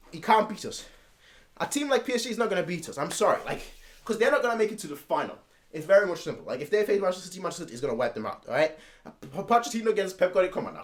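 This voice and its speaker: Animated, emphatic football fan man. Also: high voice. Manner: emphatic, slangy, repetitive. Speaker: fan channel host. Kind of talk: casual match preview monologue.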